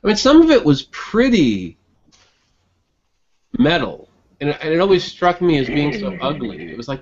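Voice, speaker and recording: A man's voice: fairly high pitch, wildly swooping pitch. Rambling man on a muffled call. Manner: rambling, with many restarts and quick chuckles. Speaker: online hangout participant and blogger. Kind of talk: casual group video chat. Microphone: computer mic on a video call.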